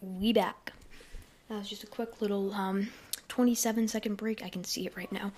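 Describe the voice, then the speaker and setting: A woman's voice: mid-range voice, steady tone, moderate pace, a little mellow. A woman hosting a casual solo podcast from her bedroom on a desk mic, rambling along with lots of fillers and self-corrections. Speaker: podcast host.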